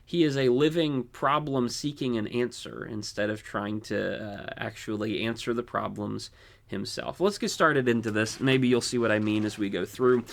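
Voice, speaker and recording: A man's voice: mid-range voice, normal speed, gravelly. A man preaching a sermon, reading scripture aloud and then explaining it in a conversational way with asides. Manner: lively reading, voicing God and Moses in quotes.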